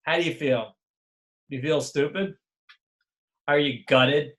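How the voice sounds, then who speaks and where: A man's voice: fairly high pitch, slow pace, fairly bright tone. A middle-aged man teaching an online class in a chatty, digressive lecture style. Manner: chatty, digressive, acts out voices of others. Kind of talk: casual lecture.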